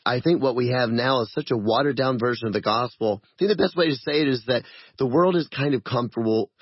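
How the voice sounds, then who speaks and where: A man's voice: medium pitch, fast, husky, no echo, muffled recording. A man who is a musician, a guest in a casual interview, speaking in an earnest, reflective way.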